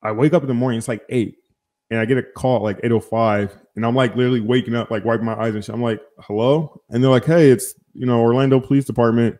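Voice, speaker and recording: This young male podcast host, medium in pitch and quick in pace, spins a story in loose conversation. Animated and foul-mouthed, he plays both callers in the phone exchanges.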